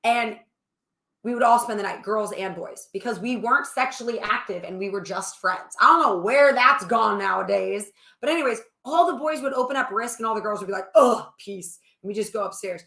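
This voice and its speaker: A woman's voice: on the high side, a little fast, creaky, sharp tone. A woman co-hosting a casual chat show with her husband, rambling through long stories in a chatty way. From New Orleans area. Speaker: co-host, wife of the host. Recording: echoey room.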